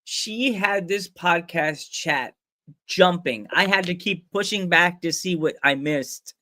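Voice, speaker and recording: A man's voice: high-pitched, slow, bright, forceful tone, no room sound, studio quality. An American man hosting a casual podcast over a remote call, chatty and rambling, laughing often. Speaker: podcast host. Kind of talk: casual chat. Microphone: remote call mic.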